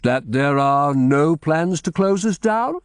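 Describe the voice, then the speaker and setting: A man voicing an older, weary abbot who speaks slowly and hesitantly. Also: on the high side, animated, clear, resonant tone, no room sound, studio quality, voice pushed up. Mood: anxious. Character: weary older male abbot, anxious and hopeful.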